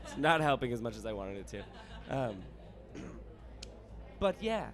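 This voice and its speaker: A man with a hoarse, raspy voice, a podcast guest chatting casually and joking about himself. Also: mid-range voice, sing-song, a little slow, crowd noise. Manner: laid-back, joking, self-deprecating. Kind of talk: casual chat.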